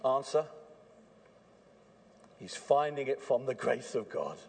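A man preaching a sermon at an evening church service, earnest and swinging between hushed warnings and fervent emphasis. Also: mid-range voice, big pitch swings, slow pace, creaky, slightly rough.

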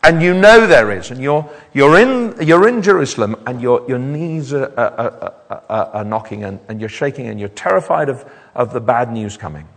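A man preaches with a lively, swooping delivery and a slightly high, gravelly voice. His words ring out with a long reverb, like a church hall. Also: normal speed. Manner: animated, repeats words when building up. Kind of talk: sermon.

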